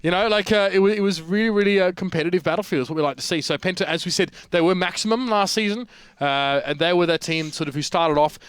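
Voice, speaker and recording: A man's voice: high voice, a bit bright, smooth, no room sound. A man with an Australian accent giving chatty live play-by-play commentary on a competitive video game match. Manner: fast, chatty play-by-play with fillers. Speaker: esports caster.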